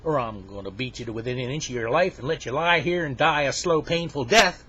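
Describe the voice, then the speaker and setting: A man voicing a mean, bossy male bear in a joke he tells, barking threats in a raised voice. The recording is dull and lo-fi. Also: a little fast. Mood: menacing. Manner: gruff threatening bark, louder and higher than the teller.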